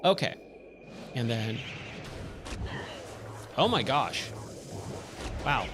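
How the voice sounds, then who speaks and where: A man with a Californian accent talks through a video game in casual let's-play commentary. His voice sits at an everyday middle pitch. He chats freely and breaks into excited surfer-slang exclamations at what he sees. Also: slow, noisy background. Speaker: streamer; trainer at day job.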